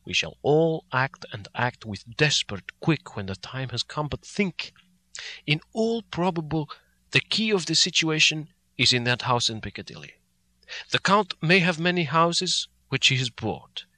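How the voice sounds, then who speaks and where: A man's voice: fairly high pitch, expressive, a little slow, sharp tone, no room sound. A man voicing an old foreign male professor who reasons earnestly in broken, formal phrasing. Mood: grave.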